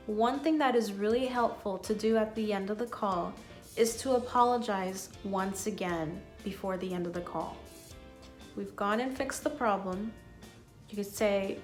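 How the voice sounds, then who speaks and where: A woman teaching an online English lesson. She speaks slowly and calmly, modelling each phrase clearly. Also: medium pitch, soft background music.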